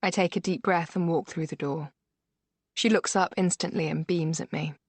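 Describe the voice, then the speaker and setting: A woman narrating a first-person thriller audiobook in a measured, steady way. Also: fairly low pitch, slightly rough, no room sound.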